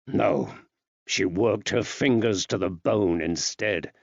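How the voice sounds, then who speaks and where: A man reading an audiobook as the narrator, in a measured, expressive way. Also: lowish voice, gravelly, no echo. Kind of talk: scripted narration. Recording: dry, slightly dull recording.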